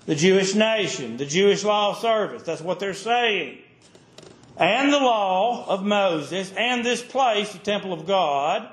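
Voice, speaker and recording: High-pitched man preaching in an echoey room. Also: animated, takes it slowly. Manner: emphatic, repetitive preaching cadence. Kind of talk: sermon.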